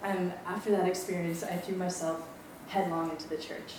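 Young woman from hawaii, campus ministry staff, rambly self-deprecating testimony, lower voice, echoey room, mic far off. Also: level tone, normal speed. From Maui, Hawaii. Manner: chatty, self-deprecating, many ums. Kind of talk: personal testimony talk. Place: lecture room. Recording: echoey room, distant mic, background noise.

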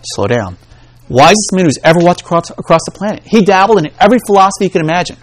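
A man preaching a sermon in an animated way, acting out the voices he quotes. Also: high voice, fast.

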